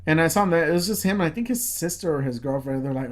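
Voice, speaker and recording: A man's voice: a little high, steady tone, quick pace. A man co-hosting a casual podcast, telling a long story with many fillers, restarts and swear words. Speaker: podcast co-host.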